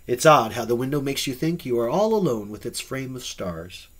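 A man voicing an exuberant, lanky young male dreamer in an audiobook, talking eagerly and sometimes dropping to a hush. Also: mid-range voice, animated, normal speed, close to an everyday voice.

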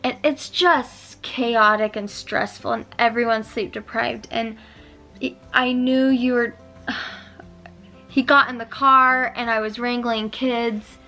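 A woman's voice: fairly high pitch, fairly even intonation, slow, bright, forceful tone, soft background music. A young woman vlogging with her husband, chatting casually and animatedly. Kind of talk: casual chat.

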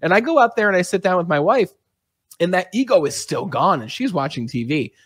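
A man's voice: sits high, sing-song, a little fast, fairly bright tone, breathy edge, no echo, clean studio sound. A man hosting a podcast, telling a personal story in an earnest, talkative way. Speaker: podcast host. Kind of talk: conversational interview.

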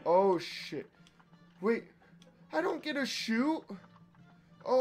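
A young man giving casual let's-play commentary, profane and excitable, trash-talking the boss and yelling when he wins or loses. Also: very high voice, slow pace, pauses often, faint music behind. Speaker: gaming YouTuber.

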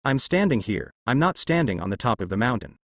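A man's voice: medium pitch, very animated, fairly quick, dry recording, clean studio sound. A man voicing a righteous young male navy rear admiral who speaks in firm, reproachful speeches.

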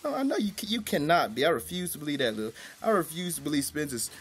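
A young man giving casual, profane commentary as a boxing YouTuber, rambling in slang with sudden high-pitched outbursts. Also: sing-song, quick pace, a bit bright, husky.

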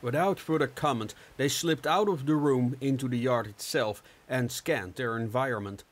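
Brief: male audiobook narrator, mid-pitched, steady and measured, scripted read.

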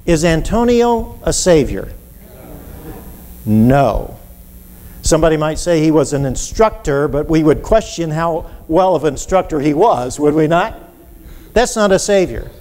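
A man preaching a sermon, telling a story with animated delivery and acting out cries for help. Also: fairly high pitch. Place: church. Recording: reverberant church hall with faint ambience.

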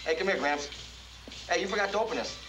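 An actor playing a pushy young man who wheedles and shouts as he tries to bribe his way through a door, in a film drama. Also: sits high, lively intonation, fast, reverberant, over music, poor audio. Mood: wheedling.

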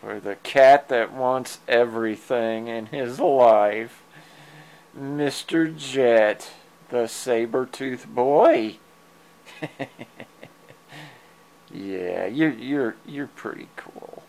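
At home indoors, a man films his cats on a handheld digital camera and chats to them fondly in a coaxing way. His medium-pitched voice is very slow, and he meows at the cats and chuckles softly.

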